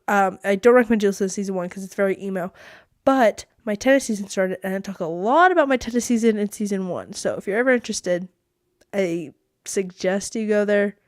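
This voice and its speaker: A teenage girl chats to her camera from her bedroom, rambling and poking fun at herself. Her voice sits at a middling pitch for a young woman, and the sound is dry and close with no room echo. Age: teens. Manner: chatty, rambling, self-deprecating with frequent laughs. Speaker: podcast host. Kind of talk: casual solo podcast vlog.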